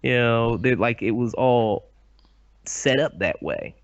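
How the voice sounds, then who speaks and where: A man's voice: medium pitch, slow pace, no echo, highs cut off. A man co-hosting a podcast, talking in a rambling, emphatic way full of fillers, recorded over a voice call. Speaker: podcast co-host. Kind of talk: casual podcast discussion. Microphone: computer mic over a voice call.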